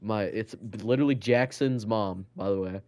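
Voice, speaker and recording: A man's voice: on the low side, moderate pace, darkish tone, no room sound. Young male podcast co-host, rambling casual storyteller, filler-heavy, dry close sound. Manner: rambling storyteller, loads of "like" and "bro". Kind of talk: casual chat.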